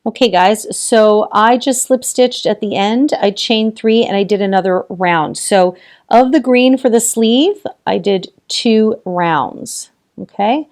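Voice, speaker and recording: Gravelly-voiced woman teaching crochet. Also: medium pitch, slow, darkish tone. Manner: chatty and encouraging, counting stitches aloud, laughs often. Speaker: crochet tutorial host. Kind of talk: casual step-by-step crochet demonstration.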